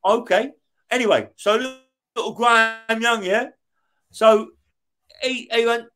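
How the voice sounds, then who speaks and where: High-voiced swearing man. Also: unhurried, pauses often, bright, forceful tone. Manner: heavy swearing, acts out the dialogue in his stories. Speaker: guest, former career criminal. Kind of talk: casual storytelling in an interview.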